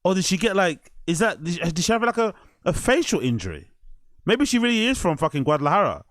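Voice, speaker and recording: A man's voice: high voice, big pitch swings, fast talker, a bit bright, dry recording, clean studio sound. A man hosting a reaction show, talking in a crude, rambling way and laughing easily. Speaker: host. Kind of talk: reaction commentary.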